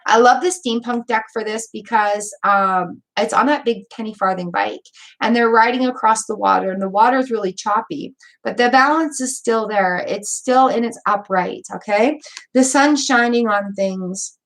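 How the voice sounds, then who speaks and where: Woman reading tarot cards live, kinda high voice, encouraging, lots of ums and repeated words. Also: moderate pace. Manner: warm, encouraging, repeats words, many fillers. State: hiccups. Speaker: tarot reader. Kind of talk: live stream card reading.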